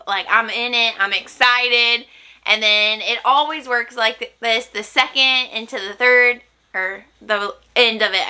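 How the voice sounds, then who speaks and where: A woman's voice: on the high side, bright, forceful tone. A woman chatting casually to camera at home as a makeup vlogger, rambling and giggly. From United States.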